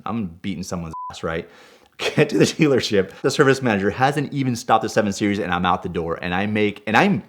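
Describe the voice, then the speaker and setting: Man telling a story, getting worked up. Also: lowish voice. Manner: gets fired up and loud while retelling; punctuates with "right?". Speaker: guest storyteller. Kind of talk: animated personal anecdote.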